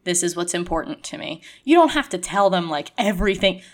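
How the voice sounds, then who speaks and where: Chatty woman with a lowish voice. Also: brisk. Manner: chatty, animated, acts out quoted voices. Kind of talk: casual conversation.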